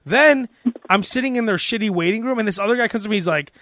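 High-voiced man telling stories on a podcast. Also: fast, no echo, clean studio sound. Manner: animated storytelling, mimics voices. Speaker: podcast host. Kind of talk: casual comedic chat.

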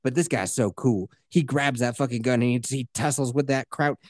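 A man's voice: mid-range voice, brisk, dry recording, clean studio sound. A man hosting a podcast, retelling a movie in a casual, profane way and slipping into voices. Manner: animated, profane, slips into voices. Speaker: podcast host. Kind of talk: casual movie recap chat.

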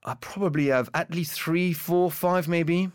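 A man's voice: fairly high pitch, a little slow, smooth. A man from France with a French accent, co-hosting a casual chat and musing earnestly at length. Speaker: podcast co-host.

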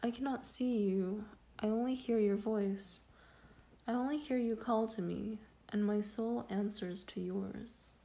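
A woman voicing a gentle young woman calling out tenderly to her lost love in a spoken story. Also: mid-range voice, fairly even intonation, measured pace, vocal fry. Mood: tender longing. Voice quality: gentle, soft.

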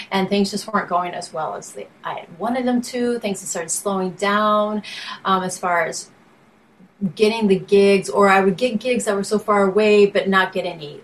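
A woman's voice: mid-range voice, a bit bright, poor audio. A woman singer-songwriter and benefit auctioneer talking casually as an interview guest, rambling, restarting sentences and laughing often.

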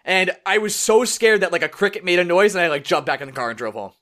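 A young man co-hosting a casual podcast, telling a story with animated quoted voices. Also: high voice, fast talker. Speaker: podcast co-host. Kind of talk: casual chat.

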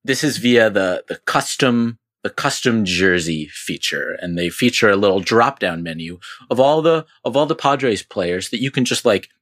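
Chill guy on a sports podcast, kinda low voice, lots of uhs, dry jokes. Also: expressive, moderate pace, hardly any pauses, a bit bright. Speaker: podcast co-host. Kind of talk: casual sports chat.

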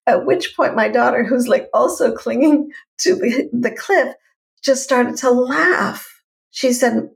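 A middle-aged woman co-hosting a podcast, telling a personal story in an animated, conversational way. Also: a little high, vocal fry. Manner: animated, lively storyteller with quick affirmations. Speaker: podcast co-host.

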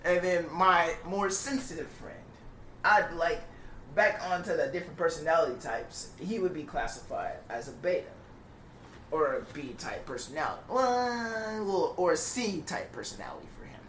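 A young man telling a profane, animated story in a casual podcast chat. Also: fairly high pitch, normal speed. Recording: echoey room, distant mic, faint noise.

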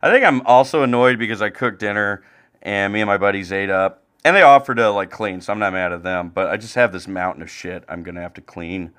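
A young man co-hosting a podcast, ranting angrily and profanely about baseball, swinging between loud outbursts and low mutters. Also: brisk, smooth. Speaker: podcast co-host. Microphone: home streaming mic.

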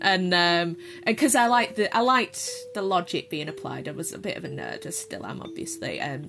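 A woman's voice: fairly low pitch, a bit bright, a little hiss or hum. A woman telling a casual, self-deprecating spoken anecdote as a guest storyteller. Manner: chatty, self-deprecating, laughs at her own story.

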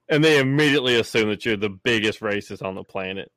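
A man's voice: mid-range voice, fairly even intonation, fast talker, few pauses, a bit bright, no room sound. A man with a Southern US accent talking bluntly and laughing often in a casual chat. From Southern United States.

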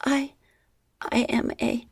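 A woman's voice: takes it slowly, in a whisper, natural voice. A woman playing a breathless, pleading young woman.

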